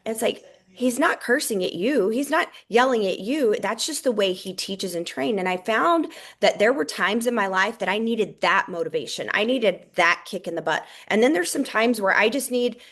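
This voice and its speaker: A woman on a motivational team call, telling stories in an animated, heartfelt way. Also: medium pitch, moderate pace.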